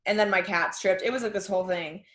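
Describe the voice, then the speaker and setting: A young woman with a Boston accent, a comedian telling stories in casual chat over a video call, acting out quotes with big jumps in pitch. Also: fairly even intonation, fast talker, echoey room. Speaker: podcast guest, comedian.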